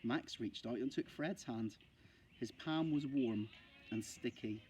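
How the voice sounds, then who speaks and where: A male primary school teacher reading a children's novel aloud in a steady, expressive way. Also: mid-range voice, slow pace, husky.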